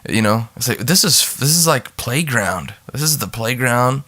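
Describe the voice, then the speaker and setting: A man's voice: mid-range voice, lively intonation, normal speed, bright, forceful tone. A man hosting his own podcast, talking in a rambling, goofy way, swearing freely and breaking off into bits of song. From United States. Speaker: podcast host. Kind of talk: rambling solo podcast talk.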